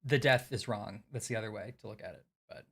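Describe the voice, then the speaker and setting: A man's voice: on the low side, brisk, fairly bright tone, slightly rough. A man streaming a mystery game, thinking aloud as he works through the puzzles with a friend. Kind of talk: casual game chat.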